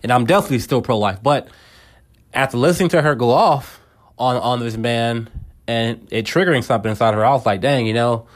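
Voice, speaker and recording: A man hosting a podcast, talking in a casual personal monologue, often stumbling and repeating words. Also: mid-range voice. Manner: halting, repeats words, casual slang like "bro". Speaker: podcast host.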